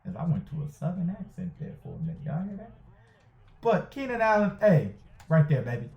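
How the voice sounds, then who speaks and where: A man giving excited play-by-play commentary over a football video game he is playing, hyping and groaning at each play and repeating his phrases. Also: on the high side, fairly quick, gravelly. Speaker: gaming YouTuber. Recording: tinny phone-like sound in an echoey room.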